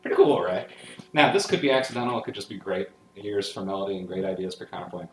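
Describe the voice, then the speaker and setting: Over some background noise, a low-voiced man talks fast as he teaches music theory in a classroom lecture. He goes through passages step by step in solfege, enthusiastically checking with his listeners and showing real energy for the music. A piano plays clearly in the background, and the room has an echo.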